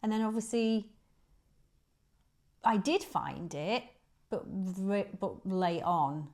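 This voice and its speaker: A woman in her forties, a guest chatting casually, laughing often, her voice jumping up when she gets excited. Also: mid-range voice, slow. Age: 40s. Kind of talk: casual chat.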